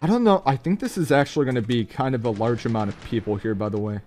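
Excitable young man commentating mobile gameplay. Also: quick pace, slight background noise. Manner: excitable, with sudden high yelps and laughs; casual slangy chatter to his viewers. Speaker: mobile game streamer.

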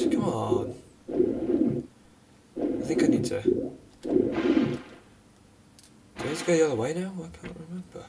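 A man giving sarcastic, self-mocking commentary over a game he plays, breaking into quick outbursts at it. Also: on the low side, sing-song, recorded from a distance, noisy background. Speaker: gaming commentator. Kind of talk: let's play commentary.

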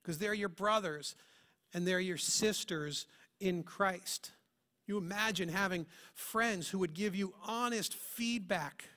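Pastor guy preaching in church, higher voice, bright tone, earnest, lots of questions at the crowd. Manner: earnest, full of rhetorical questions. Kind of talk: sermon.

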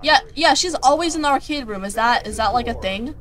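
A woman joking and teasing friends in voice chat while playing a horror game, with loud exclamations. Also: a little high, animated, brisk. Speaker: gamer in voice chat. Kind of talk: casual gaming chat.

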